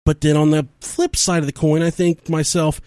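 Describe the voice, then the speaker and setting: A man's voice: on the high side, brisk, no room sound, studio quality. A man co-hosting a casual podcast, telling stories with lots of swearing and acting out what people said. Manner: profane, animated storyteller who acts out quotes. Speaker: podcast co-host. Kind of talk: casual podcast chat, storytelling.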